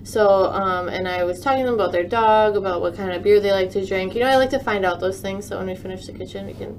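A woman's voice: mid-range voice, fast talker, a little mellow, slight background noise, poor audio. Chatty woman telling a story. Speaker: guest, virtual design consultant. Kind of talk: casual chat.

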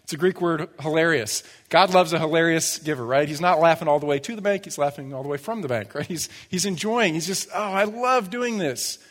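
A man's voice: on the high side, fast talker, hardly any pauses, in a large hall. A man preaching a sermon as pastor, conversational, with rhetorical asides and playful acted-out quotes. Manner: acts out little quoted voices for humor. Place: church sanctuary.

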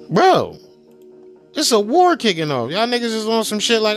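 A man rants in a fired-up, scornful vlog, stacking up curses and circling back to the same points again and again. His voice sits a little high for a man. Soft music plays quietly underneath. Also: wildly swooping pitch, moderate pace. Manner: heated, mocking, repetitive, swears constantly. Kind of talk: profane political rant.

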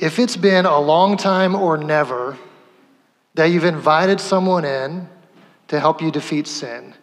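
A pastor in a church inviting people to come forward for prayer, gentle and repetitive in his phrasing. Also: a little high. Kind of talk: sermon altar call. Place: church sanctuary. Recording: long hall reverb.

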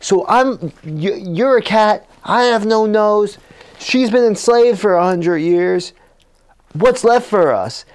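Man doing a frantic noseless hero, yelling. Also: slow pace, clean tone. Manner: excited, pitched up, cursing. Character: brash male hero with nose burnt off.

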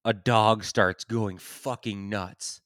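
A man telling a story in casual chat, laughing often, swearing and acting out the quotes loudly. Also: fairly low pitch, fairly even intonation, takes it slowly, no room sound, studio quality.

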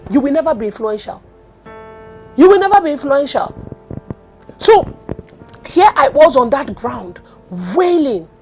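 A woman preaching a sermon, swinging from loud cries to hushed tones. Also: sits high. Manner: impassioned, swinging from loud cries to near-whispers.

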